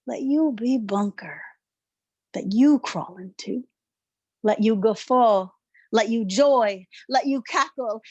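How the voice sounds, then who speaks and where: Slow, high-voiced woman reading poetry. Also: a little mellow, no echo, lo-fi sound. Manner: slow, deliberate spoken-word delivery. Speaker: poet.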